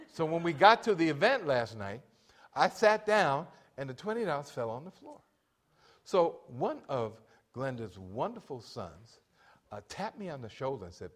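A middle-aged man preaching a sermon as pastor, calling on the congregation for amens between points. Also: mid-range voice. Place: church.

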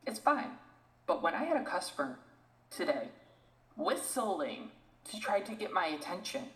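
A woman with a lowish voice rants on a casual podcast, her pitch swinging widely as she gets exasperated. The sound carries a roomy echo around her. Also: moderate pace. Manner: animated, exasperated ranting. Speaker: podcast co-host.

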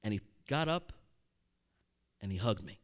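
A man, likely in his thirties, preaching a sermon as a personal story, conversational with sudden loud emphatic peaks and frequent restarts. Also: on the low side, expressive, unhurried.

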